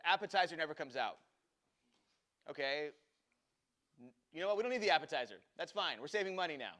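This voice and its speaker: A man's voice: fairly high pitch, a little fast, pauses often. A man telling a story to an audience, acting out the voices of the people in it. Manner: animated storyteller acting out dialogue. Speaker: speaker telling a customer service story.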